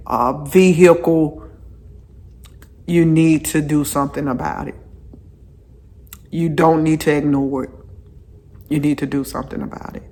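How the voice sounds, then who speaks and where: A voice at a mid pitch, talking at an unhurried, drawn-out pace. The speaker chats to viewers while walking outdoors, circling back and repeating phrases for emphasis. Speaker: vlogger. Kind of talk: casual walking vlog talk. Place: outdoors on a walk.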